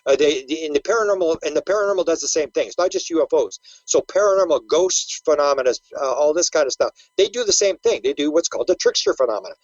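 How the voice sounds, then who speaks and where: An older man with a fairly high voice tells stories as an interview guest, acting out quotes and tripping over repeated words. The sound is close and dry with no room around it. The audio is slightly muffled and lo-fi. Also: fast talker, few pauses, no echo. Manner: animated storyteller who acts out quotes and repeats words. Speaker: guest researcher. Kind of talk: casual interview talk.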